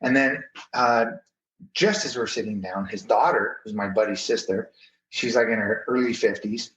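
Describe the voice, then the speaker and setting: A man, a guest on an interview show, telling a story in a lively, casual way and acting out the people in it, with lots of "you know"s. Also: fairly low pitch, moderate pace. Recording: roomy, slightly dull remote audio with faint noise.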